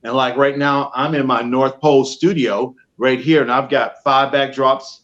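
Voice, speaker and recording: A man's voice: medium pitch, moderate pace, dull audio. A man telling stories in an interview over a video call, acting out what people said. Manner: animated storyteller acting out quotes. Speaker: professional Santa guest. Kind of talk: storytelling interview answers. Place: home studio.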